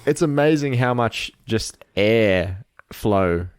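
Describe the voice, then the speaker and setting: A man's voice: lowish voice, animated, takes it slowly, smooth, dry recording, studio quality. A young man with an Australian accent co-hosting a podcast, chatting casually and backing up his friend with short replies. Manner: short affirming interjections. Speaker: podcast co-host. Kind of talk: casual chat.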